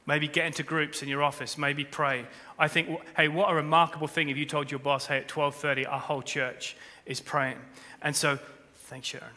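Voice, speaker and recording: A man preaching a sermon as pastor, animated, jumping between quiet asides and shouted appeals, with humorous asides. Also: fairly high pitch, moderate pace, hardly any pauses. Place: large church hall. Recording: long reverb of a church hall.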